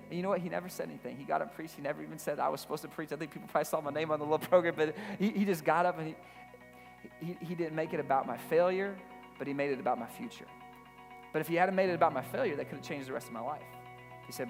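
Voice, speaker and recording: A man pastor preaching a sermon earnestly, with frequent restarts and repeated words, building to loud urging. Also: on the high side, fast talker, faint music behind. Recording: live church recording with long reverb.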